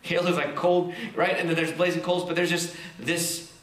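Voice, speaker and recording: A male pastor preaching in a high, bright voice. He slows right down for scripture and then talks to the congregation loosely, almost chatty. The sound is roomy and echoey, like a church hall. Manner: animated, conversational preaching with casual asides. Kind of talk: sermon.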